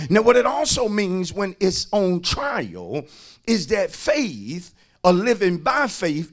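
A pastor a sermon, calling out to the congregation, repeating phrases for emphasis and swinging from shouts to hushed lines. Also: male voice, high-pitched. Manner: call-and-response preaching, swinging between shouts and hushed lines.

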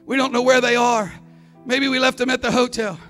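A man preaching a Pentecostal sermon as a visiting evangelist, telling stories and rising into shouted climaxes. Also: very high voice, flat delivery, a little fast. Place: church sanctuary. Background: soft organ music.

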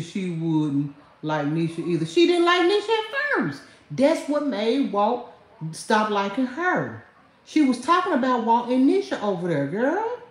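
Animated woman ranting in an echoey room. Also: medium pitch. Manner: mocking, laughing, talks directly to viewers. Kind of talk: trash-talking livestream rant.

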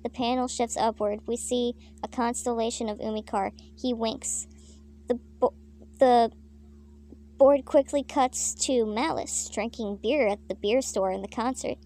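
Woman, deadpan fanfic reader, high flat voice, crude asides. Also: unhurried. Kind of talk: comic story reading.

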